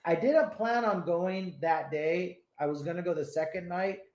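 A man's voice: high voice, normal speed, darkish tone, muffled recording. A man hosting a casual radio chat, laid-back and rambling, swearing often as he tells stories. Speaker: radio host. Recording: roomy echo.

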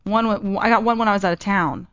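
A woman's voice: medium pitch, quick pace, fairly bright tone, dry recording. A woman co-hosting a morning radio show, chatty and teasing, telling stories with animation. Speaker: radio co-host. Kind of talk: casual morning show banter. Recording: slightly muffled dry studio sound.

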